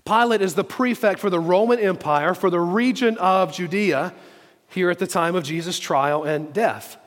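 High-pitched man preaching, leans on repeated lines, big echoey hall sound. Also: normal speed. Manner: emphatic, repeats key phrases for stress. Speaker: pastor. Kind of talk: sermon.

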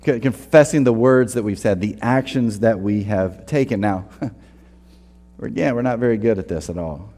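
A man's voice: on the low side, normal speed, warm tone, long reverb tail. A man preaching a sermon in a casual, earnest way, often restarting his sentences and acting out quotes. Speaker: pastor. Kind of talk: conversational sermon.

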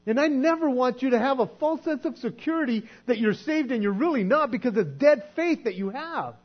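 A man preaching a sermon in a conversational way, sometimes acting out quoted voices and dropping to a soft hush. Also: extremely high pitch, lively intonation, a little fast. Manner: conversational, acts out quoted voices, drops to soft hushed tones. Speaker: pastor. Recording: dull lo-fi sound with mains hum.

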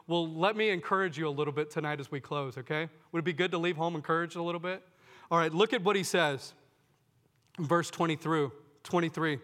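High-voiced man preaching in a reverberant hall. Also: fairly quick, fairly bright tone. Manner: earnest, repeats "hey, folks", asks the congregation questions. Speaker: pastor. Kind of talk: sermon.

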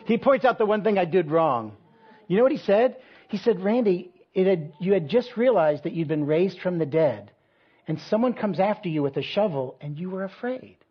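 A pastor delivers a sermon built around a personal story, speaking in a loose, chatty, animated way at normal speed, full of ums and self-deprecating asides. His husky voice is a little higher than most men's, and the recording sounds dull and lo-fi.

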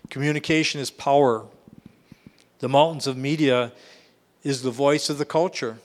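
A man preaching a sermon in an earnest, emphatic way, often restarting and repeating phrases as he goes. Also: mid-range voice.

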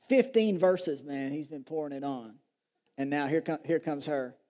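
A man's voice: a little high, moderate pace, warm tone, long reverb tail. A man preaching a sermon, reading scripture aloud and joking with the congregation. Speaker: pastor.

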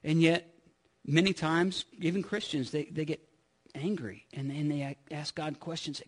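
A man preaching a sermon in an earnest way, often repeating his words and swinging from loud to hushed. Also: fairly high pitch, steady tone, moderate pace.

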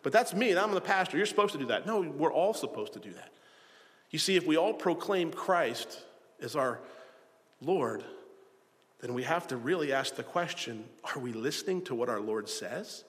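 Male pastor, earnest sermon, repeats himself, slightly high voice, long hall reverb. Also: expressive, moderate pace, fairly bright tone. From South Florida. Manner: earnest, repeats phrases, acts out quoted voices.

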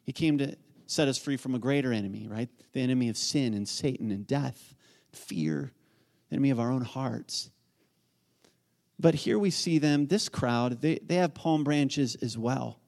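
A man preaching a sermon as pastor, building from quiet lines to excited, loud calls. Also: medium pitch, normal speed. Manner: animated, swings from quiet to near-shouting.

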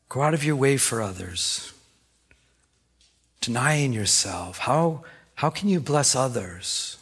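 Bright-voiced male pastor preaching. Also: medium pitch, slow, slightly rough. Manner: animated storytelling, self-correcting restarts. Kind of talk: sermon.

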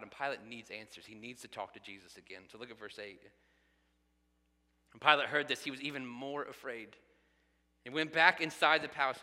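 A male pastor preaches with a bright, forceful voice, speaking straight to the people in front of him. His words ring out with the long reverb of a large church hall. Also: mid-range voice. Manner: animated, addressing the congregation directly. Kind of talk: sermon.

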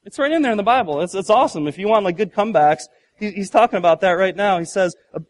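Preaching in a fairly high voice, a male pastor brings a Bible story to life through jokes, playful tangents, and bits he acts out. His delivery is fast, lively, and chatty, and the audio has no echo.

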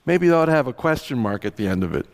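Pastor preaching in a reverberant church hall. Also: male voice, mid-range voice, very fast. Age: middle-aged. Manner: conversational, animated quotes of biblical voices. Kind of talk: sermon. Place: church sanctuary.

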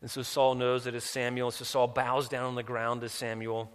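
A man preaching a sermon. He drops low and quiet, then climbs loud and high for emphasis, often repeating words as he restarts. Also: completely flat delivery, fairly quick, clean tone. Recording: long reverb, large hall.

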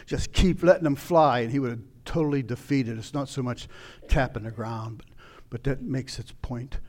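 A man preaching a sermon, retelling a scripture story and acting out its scenes with sudden loud outbursts. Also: mid-range voice, moderate pace. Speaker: pastor.

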